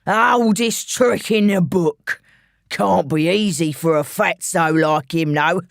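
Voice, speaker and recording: A woman voicing a menacing male gangster with a London accent, taunting in a slow, mocking drawl. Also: on the low side, creaky, no echo, clean studio sound.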